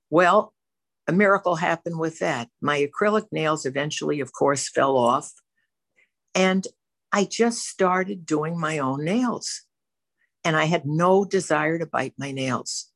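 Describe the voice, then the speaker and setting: A woman's voice: low voice, measured pace, dry recording. A woman telling her personal recovery story in a candid, self-reflective way, as a member of a twelve-step program speaking to a camera. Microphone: facing a camera.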